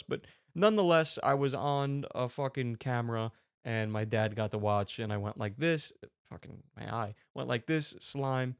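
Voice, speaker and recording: A man's voice: mid-range voice, gravelly, smooth, dry recording. Profane ranting young man, dry sound. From United States. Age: 20s. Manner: angry, profane, sarcastic. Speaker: commentary show host. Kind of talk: ranting commentary.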